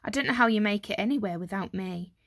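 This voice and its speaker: A woman's voice: medium pitch, fast talker, a bit bright. A woman voicing a boastful, grumbling young boy in a storybook reading. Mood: bickering.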